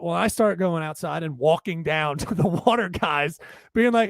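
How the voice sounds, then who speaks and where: High gravelly guy, crude rambling stories, swears a lot, dry close sound. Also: lively intonation, quick pace, dry recording. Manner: crude, rambling storyteller who swears freely. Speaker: podcast co-host. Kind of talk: casual podcast banter.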